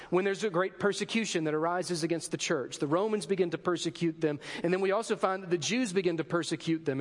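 A man's voice: high-pitched, big-room sound. A man preaching a sermon in a conversational way, asking rhetorical questions and adding joking asides. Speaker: pastor.

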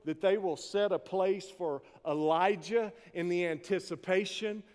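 A man preaching a sermon, reading scripture and telling stories with shouted quoted lines. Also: high voice, steady tone, unhurried. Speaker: pastor. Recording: long reverb of a large hall.

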